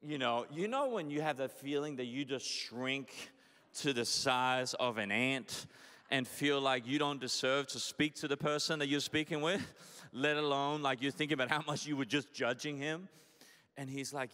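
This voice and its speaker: A man in his forties, a pastor from Denmark, preaching and praying in a casual, excitable way with lots of fillers and restarts. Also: mid-range voice, moderate pace. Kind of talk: sermon with prayer and storytelling. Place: church hall. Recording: echoey hall.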